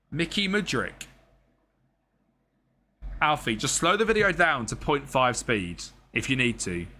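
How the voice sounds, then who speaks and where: Young lad streaming a footy manager game, chatty and sweary, bright tense voice. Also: male voice, mid-range voice, a little hiss or hum. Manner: casual, chatty, swears, reads chat. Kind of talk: live gameplay commentary.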